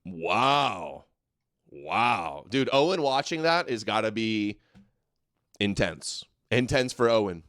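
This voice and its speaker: A man hosting a show, giving casual live reaction commentary in a sarcastic, mocking way with sudden shouted bursts. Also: on the low side, big pitch swings, slow pace, no room sound, clean studio sound. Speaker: host.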